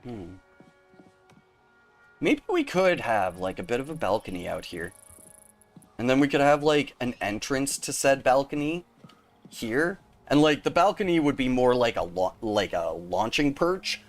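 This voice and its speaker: Over faint background music, a young streamer chats loosely while gaming, laughing often and replying to chat by name. His medium-pitched voice is sing-song and measured in pace.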